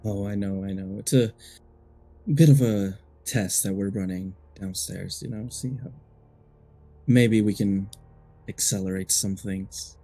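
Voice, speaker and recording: A man's voice: on the low side, steady tone, unhurried, dark tone, faint music behind. A man playing a tabletop game, talking in a confident, conspiratorial way. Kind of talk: in-character role-play.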